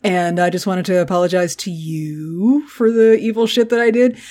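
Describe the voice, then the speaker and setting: Woman, podcast co-host, casual recap chat, animated, salty language, acts out lines. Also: on the low side, moderate pace. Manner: animated, swears freely, acts out character lines.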